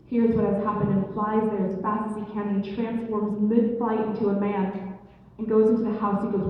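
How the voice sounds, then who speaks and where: A young woman telling a traditional story in a casual, lively way, slipping into the characters' voices with slangy asides. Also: mid-range voice, normal speed, recorded from a distance. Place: event hall. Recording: echoey hall recorded from afar, dull.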